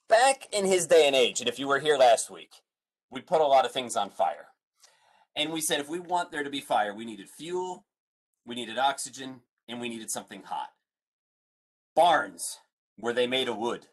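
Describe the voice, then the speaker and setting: A museum science educator leads an online family science lesson, playful and peppering his audience with questions. He has a mid-range voice.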